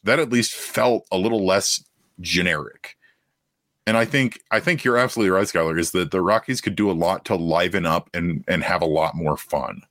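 A man's voice: deep voice, normal speed, a bit bright, no room sound. A young man co-hosting a casual sports podcast, riffing animatedly on ideas. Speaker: podcast co-host.

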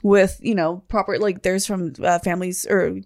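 A woman's voice: moderate pace, no room sound, clean studio sound. A woman in casual chat, animatedly telling a story and acting out the people in it. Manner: animated storyteller, acts out quoted voices with big pitch jumps.

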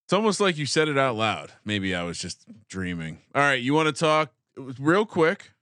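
A man's voice: mid-range voice, very animated, normal speed, fairly bright tone, no echo. A man co-hosting a podcast in a studio, talking casually about betting picks in a rambling way, with swearing and dry jokes. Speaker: podcast co-host. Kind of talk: casual sports betting chat.

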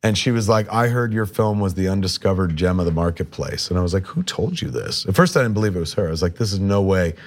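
A middle-aged man with a lowish voice. He rambles through casual anecdotes and acts out other people's lines. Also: fast talker, hardly any pauses. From New Jersey. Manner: rambling, animated anecdotes with quoted dialogue. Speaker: podcast guest, filmmaker. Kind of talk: casual storytelling.

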